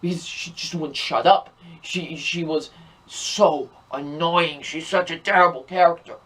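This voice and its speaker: Young man, film reviewer, ranting, repetitive, exasperated, slightly high voice. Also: steady tone, unhurried, a bit bright, breathy edge.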